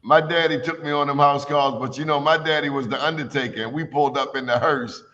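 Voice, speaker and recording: A man's voice: fairly high pitch, steady tone, fast talker. A man co-hosting a talk show, joining in with casual, joking banter. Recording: muffled, with a crowd behind.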